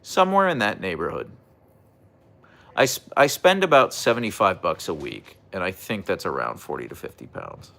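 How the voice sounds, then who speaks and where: A man hosting a casual livestream, playfully talking to his husky and reading chat, his pitch jumping up when he baby-talks the dog. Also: sing-song, moderate pace, pushed and bright. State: sleep-deprived. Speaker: livestream host with pet huskies.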